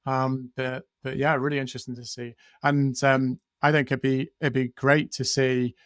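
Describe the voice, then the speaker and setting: Male co-host, mid pitch, dry sound, hesitant and musing. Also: flat delivery, moderate pace, no echo. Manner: hesitant, many ums and restarts. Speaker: podcast co-host. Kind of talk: casual chat.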